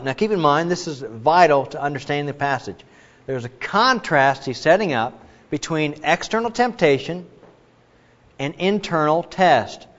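A man preaching a sermon in an emphatic way, with many asides and restarts. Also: a little high. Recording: muffled, with long reverb in a large hall.

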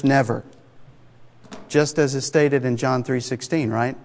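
Preacher with a twang, echoing hall. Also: male voice, medium pitch, steady tone, a little slow, creaky. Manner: conversational, emphatic, asks the congregation rhetorical questions. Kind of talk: sermon. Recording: long reverb of a large hall.

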